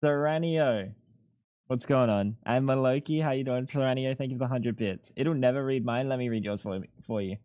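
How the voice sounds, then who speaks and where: Young male streamer, casual and sweary, dry close headset sound, mid-pitched. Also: moderate pace, dry recording, phone-quality sound. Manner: swears freely, rambling and laid-back. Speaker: live streamer. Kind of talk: casual live-stream chat.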